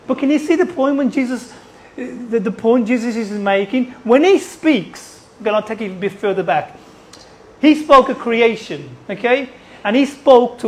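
A preacher giving a sermon in an animated way, putting many questions to the listeners and often repeating and restarting phrases. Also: medium pitch, low-quality recording.

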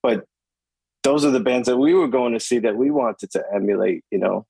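A man's voice: medium pitch, brisk, gravelly, warm tone, slightly rough, no room sound, poor audio. A middle-aged man with a New York accent, a guest musician talking in a laid-back, filler-heavy way on a video call. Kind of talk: casual interview chat.

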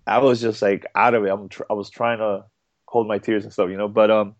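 Podcast guest: man with a lowish voice, stop-start and chatty, on dull, dry audio. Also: level tone, dry recording. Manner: halting, repeats words, many fillers. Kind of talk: casual interview chat.

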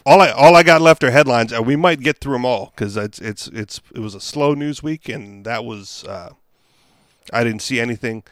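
A man's voice: medium pitch, normal speed, fairly bright tone, smooth, no echo, studio quality. Man co-hosting a podcast, questioning. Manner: questioning, steers the talk, short interjections. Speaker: podcast co-host. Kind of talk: casual chat.

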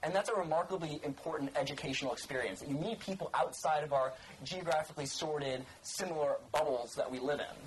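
A man's voice: on the high side, quick pace, background noise. A young man, an organizer and co-author, speaking earnestly at a public talk, often restarting and saying "frankly". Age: young adult. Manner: earnest, repeats frankly and you know, stumbles.

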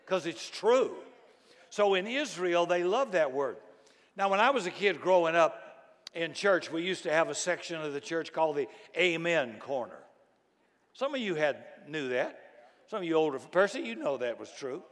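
A middle-aged pastor preaching in a church, his fairly high voice ringing out with a long hall reverb. He swings from booming, shouted emphasis down to hushed, low asides. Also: very animated, moderate pace. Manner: dynamic preaching, bursts into loud emphatic shouts then drops low. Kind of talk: sermon. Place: church sanctuary.

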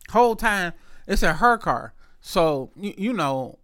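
A man's voice: high voice, normal speed, dry recording. Profane young man telling a story, dry close sound. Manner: animated, profane, acts out both sides of the story. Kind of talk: casual storytelling rant.

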